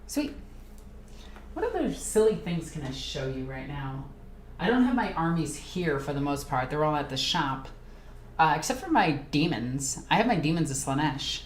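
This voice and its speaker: A chatty woman with a slightly low voice hosts a casual livestream. She answers viewer comments with quick bursts of excitement. Her voice sounds roomy and echoey, over a faint hum of background ambience. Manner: excitable and chatty, jumping between topics. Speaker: streamer hosting a live Q&A.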